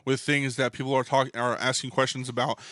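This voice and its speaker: A man's voice: mid-range voice, flat delivery, brisk, fairly bright tone, no echo, clean studio sound. A man co-hosting a podcast, ranting heatedly in casual talk and swearing constantly. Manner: swears constantly, fired-up and emphatic. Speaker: podcast co-host.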